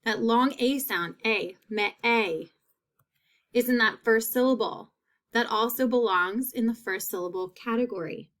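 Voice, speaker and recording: A woman teacher giving a phonics lesson, stretching out sounds and repeating each word slowly. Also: fairly high pitch, fairly bright tone.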